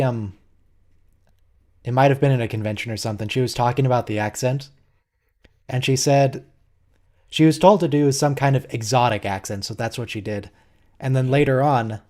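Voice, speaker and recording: A man's voice: medium pitch, moderate pace, long pauses, a little mellow. A man in casual group chat, retelling an anecdote and acting out the quotes. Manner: chatty storyteller, acts out quotes. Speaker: watch-along co-host.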